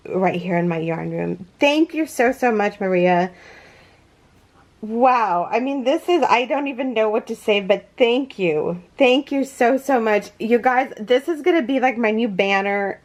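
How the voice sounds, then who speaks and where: Slow-talking woman gushing with thanks. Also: fairly high pitch, lively intonation. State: near tears. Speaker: crochet channel host. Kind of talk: casual unboxing vlog. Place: home yarn room.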